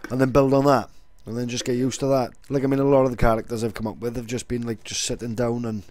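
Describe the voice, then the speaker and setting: A man's voice: mid-range voice, flat delivery, fast talker, darkish tone. A young man chatting casually and rambling on, swearing now and then. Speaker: vlogger. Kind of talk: casual vlog talk.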